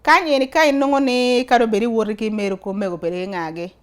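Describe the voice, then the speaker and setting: A woman's voice: on the high side, fast talker. A woman with an Acholi accent hosting a talk show, speaking earnestly and putting questions to her viewers. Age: adult, studied and worked before emigrating. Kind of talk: casual talk to camera.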